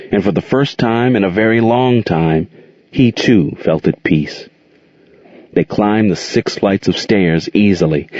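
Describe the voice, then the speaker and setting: A man reading a story aloud as narrator, in a steady, unhurried way. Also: fairly low pitch, no echo. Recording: dull lo-fi dry recording.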